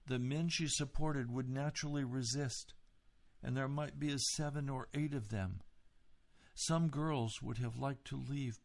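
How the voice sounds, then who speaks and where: A man reading a memoir aloud as an audiobook, in a measured, steady way. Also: medium pitch, vocal fry. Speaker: audiobook reader. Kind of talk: scripted memoir narration.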